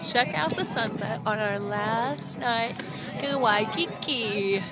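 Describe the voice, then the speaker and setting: A woman's voice: fairly high pitch, slow, loud music behind the voice. Chatty woman vlogging on vacation. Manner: chatty, giggly, upbeat. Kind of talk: casual travel vlog. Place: outdoors and in transit, plane, car, boat. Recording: loud wind and engine noise.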